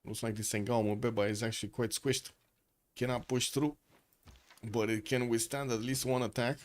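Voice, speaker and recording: A man's voice: mid-range voice, steady tone, moderate pace. A man giving live, chatty commentary on a strategy game match who often stops to ask his viewers questions. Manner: chatty, asks chat questions, frequent filler words. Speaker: esports caster.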